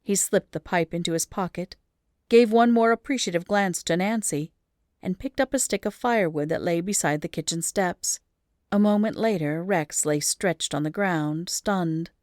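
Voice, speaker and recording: Woman narrating an old story, lively. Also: lowish voice, normal speed, no room sound, clean studio sound. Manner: lively storytelling with rising emphasis in action scenes. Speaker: audiobook reader. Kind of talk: expressive audiobook narration.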